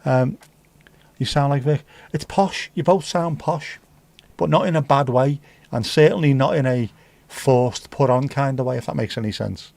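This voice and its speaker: Swearing livestream host. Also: male voice, mid-range voice, normal speed, gravelly, few pauses, darkish tone, no room sound. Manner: banter with swearing and mock accents. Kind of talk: casual livestream chat.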